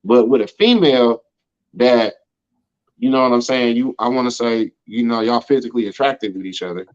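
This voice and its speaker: Speaking at a normal speed with medium pitch, an American interview guest spins casual stories over dull-sounding audio. He's slangy and relaxed, forever tossing in "you know what I'm saying."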